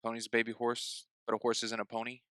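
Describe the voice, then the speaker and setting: A man with a bright, clear voice co-hosts a casual film chat in an easygoing, teasing way. The recording is dry and close. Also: medium pitch, completely flat delivery, fast talker, no room sound. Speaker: podcast co-host.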